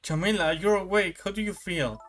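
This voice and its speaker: A caring young woman detective with a soft, apologetic voice, as a man reads her lines. She sits well above his usual pitch. Faint game music plays underneath. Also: fairly quick. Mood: tender.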